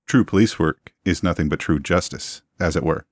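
A man's voice: very deep voice, moderate pace, no room sound, studio quality. Man playing a pompous 1920s museum owner. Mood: suave. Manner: florid, long-winded, genteel phrasing. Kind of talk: tabletop role-play in character.

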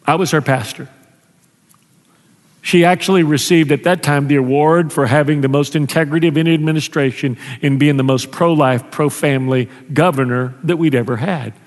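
A man's voice: fairly high pitch, fairly even intonation, normal speed, big-room sound. A male pastor, preaching a sermon in a conversational way, often restarting his sentences. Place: church sanctuary.

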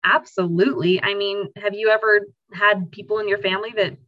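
A woman's voice: medium pitch, fairly even intonation, a little fast, dry recording, highs cut off. A woman hosting a podcast in casual conversation, earnestly asking reflective questions. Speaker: podcast host.

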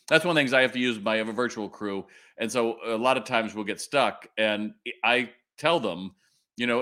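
A man's voice: medium pitch, lively intonation, fairly quick, fairly bright tone. A man in his sixties hosting a live webinar, chatting directly with his viewers while he tells a story. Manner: chatty, addresses the audience directly. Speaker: retail consultant hosting a webinar.

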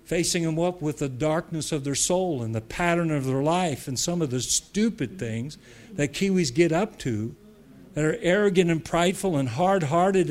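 A man's voice: fairly high pitch, darkish tone. A man preaching a sermon with emphatic repetition, laughing between points.

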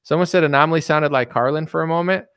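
A man's voice: a little high, quick pace, fairly bright tone, clean tone, dry recording, clean studio sound. A man giving rambling, sarcastic political commentary in a solo vlog, full of "it's like" and mocking quotes.

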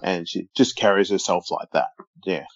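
A man's voice: low-pitched, normal speed, slightly rough, no room sound, lo-fi sound. A man co-hosting a podcast, talking in a laid-back, hesitant way with frequent short agreements. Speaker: podcast co-host. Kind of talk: casual watch-along chat.

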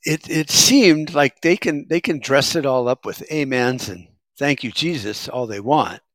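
A man's voice: mid-range voice, lively intonation, a little slow, a bit bright, no echo. A middle-aged man talking in a casual, rambling monologue, sarcastic and wisecracking. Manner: rambling, sarcastic, self-described smartass. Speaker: vlogger.

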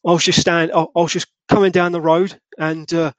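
A man's voice: fairly high pitch, level tone, a little fast, no echo, dull audio, voice pushed up, close to an everyday voice. A man voicing a startled, nervous Victorian witness, stammering and exclaiming. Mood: panicky.

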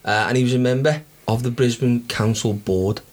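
A man's voice: mid-range voice, fairly even intonation, normal speed. A man hosting a podcast, telling a story in a chatty, rambling way. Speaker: podcast host. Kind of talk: casual chat, storytelling.

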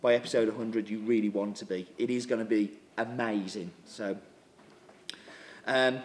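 Speaking at normal speed in a lowish voice over a little hiss or hum, a coffee subscription show host reads viewer comments in a casual chat. His relaxed, chatty delivery is packed with fillers and throat clearing.

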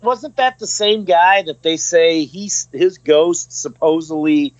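A man co-hosts a casual podcast, telling stories with swearing and halting fillers. His voice sits a bit high. The sound is dry and close, with a dull lo-fi quality. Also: no room sound. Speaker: podcast co-host. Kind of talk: casual storytelling.

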